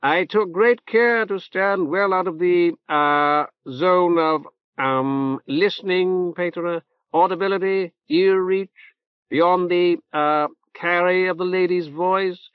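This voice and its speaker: A man's voice: high-pitched, fairly even intonation, slow pace, clear, resonant tone, voice pushed up. A man voicing a pompous older male cleric with a reverberant nasal voice, fussy and full of hesitant ums. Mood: unctuous. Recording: dull dry tape transfer.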